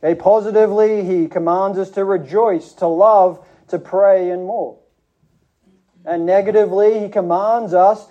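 A man preaching a sermon to his church, speaking in an earnest, measured teaching manner with frequent restarts. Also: sits high, dark tone, highs cut off.

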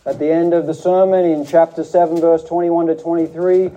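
A man preaching a sermon to his church, speaking in an earnest, measured teaching manner with frequent restarts. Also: a little high, flat delivery, dark tone.

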